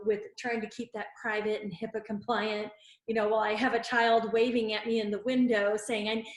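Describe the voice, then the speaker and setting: Middle-aged woman counselor, interview guest, brisk and informative, echoey sound. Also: on the high side. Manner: brisk and informative, quoting figures. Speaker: marriage expert guest and counselor. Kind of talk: conversational interview. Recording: roomy echo.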